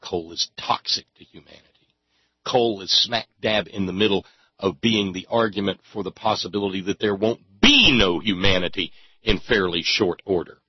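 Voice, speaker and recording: A man's voice: low voice, normal speed, husky, dry recording, muffled recording. A man ranting in sarcastic, angry commentary and swearing freely. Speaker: political commentator.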